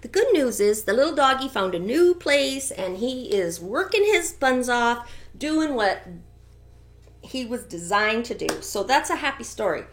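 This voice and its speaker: A middle-aged woman giving a chatty, gossipy tarot reading with animated asides. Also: on the high side, measured pace, slight background noise. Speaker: tarot reader. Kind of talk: casual tarot reading commentary.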